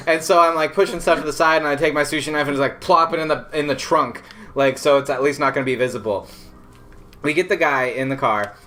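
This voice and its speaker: A man's voice: medium pitch, fairly bright tone. A young man casually telling a personal story, rambling with lots of fillers and laughing as he goes. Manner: rambling, filler-heavy, laughs through the tale.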